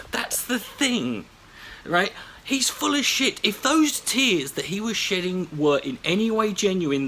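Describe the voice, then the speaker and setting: A man delivering sarcastic, profane comedy commentary as host of his own show. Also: sits high. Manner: profane, mocking, animated.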